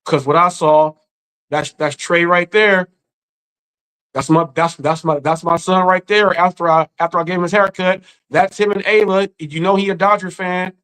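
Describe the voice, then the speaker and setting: High-voiced grieving man, halting speech. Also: fairly even intonation, fairly bright tone, smooth, low-quality recording. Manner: earnest, halting, repeats words. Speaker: live-stream commentary host. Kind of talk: emotional live-stream rant.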